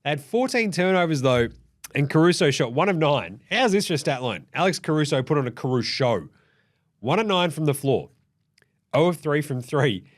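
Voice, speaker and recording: A young Australian man hosting a casual sports recap, sweary, excitable and jokey. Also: on the high side, normal speed, dry recording, studio quality. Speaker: host.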